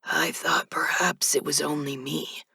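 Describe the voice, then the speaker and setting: A quiet young male death spirit, guarded and hushed, speaking low and slow in a storybook, as a woman acts him out. The voice is breathy and raspy, recorded dry. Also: fairly even intonation, no room sound, full character voice.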